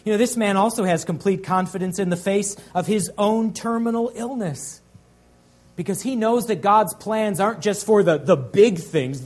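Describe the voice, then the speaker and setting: A pastor with a high-pitched voice delivers an earnest sermon. He draws out key phrases and builds in force on the big lines.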